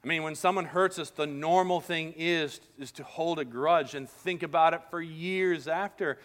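A man pastor preaching a sermon in a casual, animated storytelling manner. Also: a little high, normal speed.

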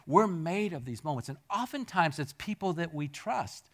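A middle-aged man delivers a sermon in a church hall. He speaks in a slightly raised voice with very lively pitch, and his volume rises and falls sharply with each story. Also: moderate pace. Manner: animated storytelling, swings from loud peaks to near-murmurs. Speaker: pastor.

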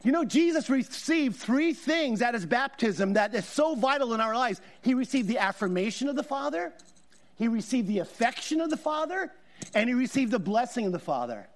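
A middle-aged man preaching as a guest pastor, his voice set unusually high. He talks in a loose, conversational way, telling stories and stacking up repeated phrases for emphasis. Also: big pitch swings, brisk. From Southern California. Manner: conversational, storytelling, emphatic repetition. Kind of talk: sermon.

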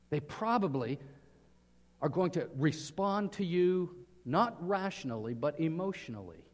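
A man preaching a sermon in earnest, often putting questions to his listeners. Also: high voice. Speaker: pastor. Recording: reverberant hall.

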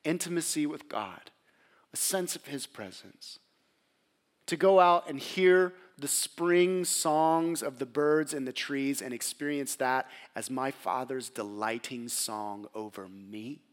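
A man's voice: medium pitch, slow pace. A man preaching a sermon, dramatic, acting out biblical voices and dropping to a near whisper at tender moments. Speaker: pastor.

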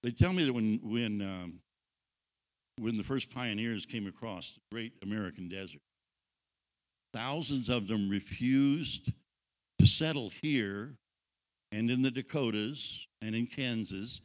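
A man preaching a sermon, dropping to hushed intimate tones and building up again, asking the congregation questions and joking with them. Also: medium pitch, unhurried, long pauses. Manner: dynamic pacing, drops to hushed intimate tones then builds.

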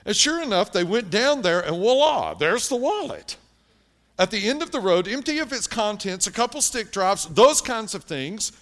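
Animated male preacher telling a story. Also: high-pitched, moderate pace. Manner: animated storyteller, shifting from hushed to loud. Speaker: pastor. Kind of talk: sermon storytelling.

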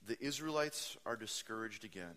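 Animated male preacher in a reverberant hall. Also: fairly low pitch, normal speed. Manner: animated preaching, swinging from loud to hushed; reads scripture aloud and stops to comment. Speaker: pastor. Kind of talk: sermon.

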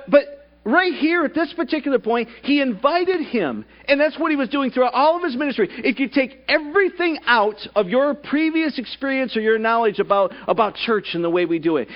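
Guy preaching a sermon in church, keeps asking the crowd questions, voice jumps all over, kinda muffled lo-fi recording. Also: extremely high pitch. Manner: asks the congregation rhetorical questions. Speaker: pastor. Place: church service.

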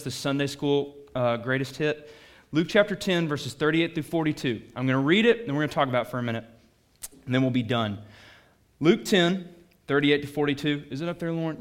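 A pastor preaching to his congregation with a fairly high voice. He talks like he's chatting with the room and keeps tossing them questions. His delivery jumps from loud, emphatic bursts to quiet asides. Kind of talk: sermon.

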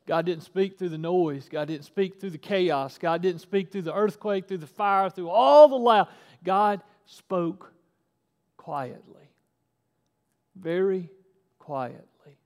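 A man with a fairly high voice preaches and reads scripture aloud, swinging between hushed passages and loud, emphatic bursts. He often restarts his sentences as he goes. His voice carries a long reverberant tail in a hall. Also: measured pace. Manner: animated, rising loud for emphasis, frequent restarts. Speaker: pastor. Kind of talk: sermon with scripture reading.

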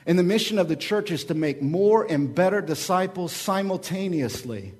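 A man from Oklahoma preaching a sermon as pastor, swinging from hushed asides to loud, joking, animated stretches. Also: high-pitched, normal speed, slightly rough.

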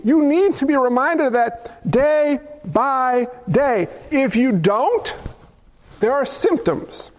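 High-voiced man preaching a fervent sermon. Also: sing-song, takes it slowly. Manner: fervent, fires rhetorical questions at the congregation.

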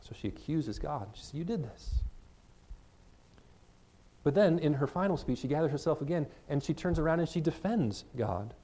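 A man preaching a sermon, reading scripture verses slowly and then explaining them in plain, conversational words. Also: on the high side, lively intonation, warm tone. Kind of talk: expository sermon.

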